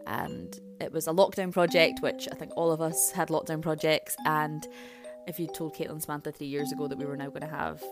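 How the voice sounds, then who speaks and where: A woman's voice: low-pitched, brisk, over music. A young woman hosting a podcast, telling a true-crime story in a casual, chatty way with asides and self-corrections. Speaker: podcast host.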